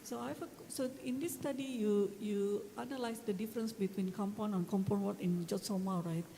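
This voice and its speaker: A woman from the audience poses a question to a presenter, halting and groping for words. Her voice is dark and mellow, heard in a reverberant hall with faint room noise behind. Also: medium pitch, steady tone. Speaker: audience member asking a question. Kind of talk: question at a conference Q&A.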